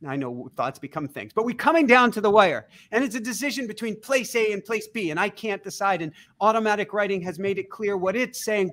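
A man as a guest teacher explaining things in casual conversation, animated and laughing often. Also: high voice, fairly quick, hardly any pauses.

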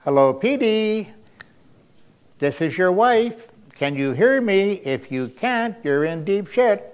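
A man's voice: high-pitched, big pitch swings, slow, darkish tone, clear, resonant tone, voice pushed up, full character voice. A man voicing a sweet-talking, scheming preacher's wife, with a coaxing manner. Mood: mocking.

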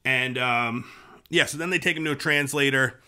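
A man hosts a relaxed podcast chat in a bright, clear voice. He rambles along with plenty of fillers and restarts, now and then slipping into quick acted-out quotes. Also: mid-range voice. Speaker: podcast host. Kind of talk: casual chat.

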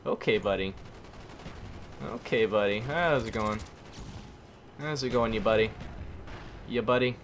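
Excitable young man, hoarse, gameplay commentary. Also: fairly low pitch, measured pace, long pauses, slight background noise. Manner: excitable, exclaiming and groaning at teammates. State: hoarse, losing voice. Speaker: gaming YouTuber. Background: faint gunfire from the game.

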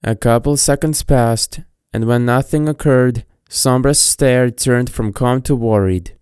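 Very deep, dark-voiced woman narrator. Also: a little slow, clean tone, dry recording, studio quality. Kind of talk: storybook narration of fan fiction. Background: faint background music.

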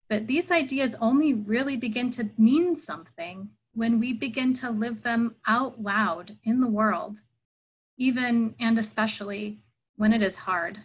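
Woman, reflective sermon, earnest, thoughtful, slow pace, mid pitch. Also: rough recording.

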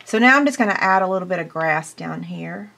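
An American woman giving a hands-on crafting tutorial, chatty and excitable, talking to viewers while she works. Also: lowish voice, a little fast, vocal fry, slight background noise. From United States. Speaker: craft demonstrator.

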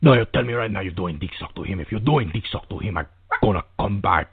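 A man's voice: low voice, animated, fast talker, gravelly, breathy edge, exaggerated voice. A prank caller playing a crude, threatening man who speaks in broken English, over a phone line. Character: crude menacing man hunting his friend.

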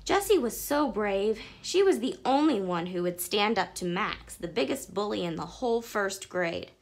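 A woman reading a children's chapter book aloud in a gentle, expressive storytelling voice. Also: mid-range voice, normal speed. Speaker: audiobook reader.

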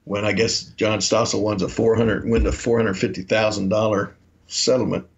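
A man's voice: fairly low pitch, level tone, moderate pace, creaky, a little hiss or hum. A man, a podcast co-host telling rambling anecdotes and acting out the quotes in them. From Memphis, Tennessee. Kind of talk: casual storytelling. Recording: dull lo-fi audio.

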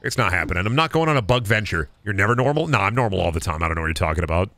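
A man's voice: sits low, sing-song, very fast, a bit bright, no echo. A man streaming a video game, rambling through absurd jokes in casual chatter. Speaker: gaming streamer.

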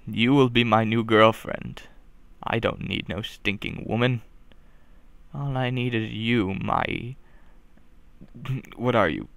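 A man doing goofy let's play commentary, joking along and bursting into loud yelps. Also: lowish voice, gravelly, no room sound. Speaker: gaming commentator.

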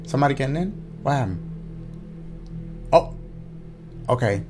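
A man casually commenting on his gameplay, cracking jokes, swearing freely and reacting loudly to scares. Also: medium pitch, animated, normal speed, faint music behind. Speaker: gaming YouTuber.

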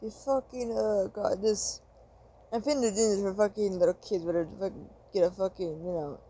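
A woman vlogging an angry rant straight at her viewers, swearing constantly and circling back over the same complaints. Her voice has a soft, mellow tone that sits in a middle register. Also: mid-range voice, moderate pace, a little hiss or hum. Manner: profane, frustrated, repetitive ranting.

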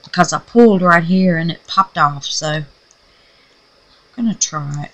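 A woman chatting casually to her viewers while she crafts, folksy and excitable, calling them babies and darlings. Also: on the low side, moderate pace, low-quality recording. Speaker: resin craft vlogger.

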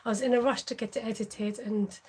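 Chatty woman, soft husky voice. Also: fairly high pitch, fairly even intonation, brisk, low-quality recording. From United Kingdom. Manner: chatty, laughs often, reads viewer comments aloud. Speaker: craft channel host. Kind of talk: casual livestream craft tutorial.

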